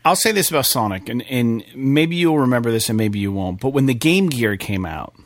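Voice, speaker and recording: A man co-hosting a gaming podcast, talking casually and excitedly, swearing often and rambling. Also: medium pitch, a little fast, no room sound. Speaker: podcast co-host.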